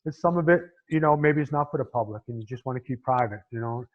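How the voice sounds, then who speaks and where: A man's voice: medium pitch, quick pace, lo-fi sound. A middle-aged man from Staten Island with a New York accent, a former pro wrestler talking bluntly and casually in an interview. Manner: blunt, streetwise, lots of "you know".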